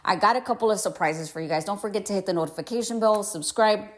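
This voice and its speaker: A woman's voice: mid-range voice, quick pace. A woman hosting a solo podcast, talking candidly and emphatically, with frequent fillers and some swearing, a bit congested. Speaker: podcast host. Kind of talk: casual solo podcast monologue.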